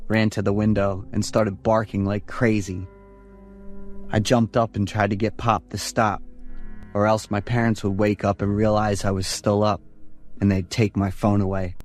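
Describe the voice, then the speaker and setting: A man with a low voice tells a horror story in steady, even first-person narration. The delivery stays measured from one line to the next, as in a bedtime scary story. A faint music bed sits underneath.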